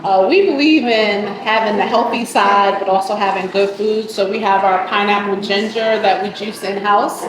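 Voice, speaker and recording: A restaurant owner from the Bronx talks casually and proudly about her cooking. She fills her pauses with ums and speaks at a middle pitch. The recording sounds echoey, with a steady noisy background. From the Bronx, New York. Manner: warm, proud, chatty with many ums. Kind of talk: casual interview. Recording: echoey room with background noise.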